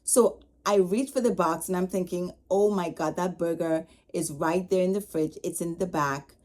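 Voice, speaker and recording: A middle-aged woman telling a casual story as a podcast host, animated, acting out the dialogue she quotes. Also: fairly low pitch, normal speed. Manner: animated, retells her upset with quoted dialogue.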